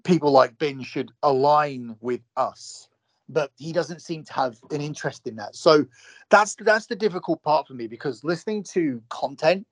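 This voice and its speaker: A man's voice: a little high, normal speed, dry recording. A young man, a podcast guest, talking heatedly, swearing and repeating phrases for force. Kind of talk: heated casual chat.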